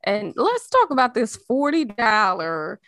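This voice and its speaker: A woman's voice: a little high, huge pitch swings, a little slow, fairly bright tone, no echo, studio quality. A woman co-hosting a podcast in casual chat, blunt and exasperated, swearing freely. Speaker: podcast co-host.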